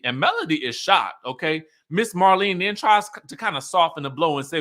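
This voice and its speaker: Casting: animated male recap host, slightly high voice, bright and forceful. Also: moderate pace. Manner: animated, chatty, laughs often. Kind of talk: casual reality TV recap commentary.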